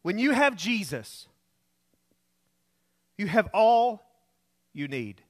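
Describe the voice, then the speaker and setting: A man preaching a sermon, telling a story and dropping to a soft voice for emphasis. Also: high-pitched, very animated, takes it slowly. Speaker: pastor. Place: church.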